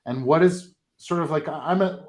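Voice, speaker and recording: A man's voice: fairly high pitch, normal speed. A man who is a comedian and sales coach, chatting as a guest and telling stories with plenty of ums and likes. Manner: storytelling, filler-heavy, relaxed. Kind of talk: casual conversation.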